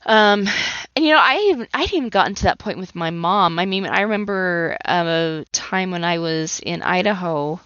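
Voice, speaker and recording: A woman's voice: on the low side, lively intonation, normal speed, fairly bright tone, no echo. A woman in her thirties, a trauma coach hosting her own podcast, telling her personal story in an earnest, emotionally open way. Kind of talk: personal testimony monologue. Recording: slightly muffled dry recording.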